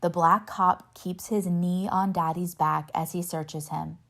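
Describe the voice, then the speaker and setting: Low, gravelly woman reading a novel aloud. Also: unhurried. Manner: steady first-person narration with lightly voiced dialogue. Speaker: reader.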